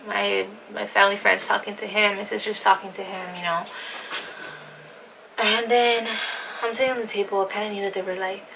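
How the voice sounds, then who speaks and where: Young woman with a gravelly voice. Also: mid-range voice, little pitch movement, moderate pace, noisy background. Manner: fillers "like", acts out quotes, drops to a whisper at times. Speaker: vlogger. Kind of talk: casual storytime.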